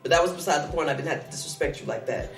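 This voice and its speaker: A young woman telling a story in casual chat, animated and profane, acting out both sides of the dialogue. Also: deep voice, racing, far from the mic. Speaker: podcast host. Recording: echoey room from off-mic, faint music.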